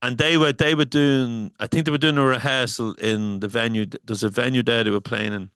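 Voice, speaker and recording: A man hosts a casual podcast chat, hesitating and repeating words as he recalls details. His voice sits at a middling pitch. The sound is dry, with no room echo. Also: fairly even intonation, fairly quick, a bit bright, clean tone. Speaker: podcast host.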